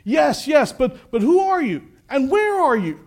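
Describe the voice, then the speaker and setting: A man voicing a panicked man hanging from a cliff branch, shouting and pleading for help. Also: sits high, big pitch swings, takes it slowly, full character voice. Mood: frantic.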